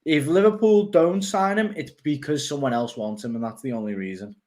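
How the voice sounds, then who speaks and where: A man's voice: on the high side, brisk, darkish tone. A man giving tactics analysis on a casual panel show in an emphatic, tongue-in-cheek way.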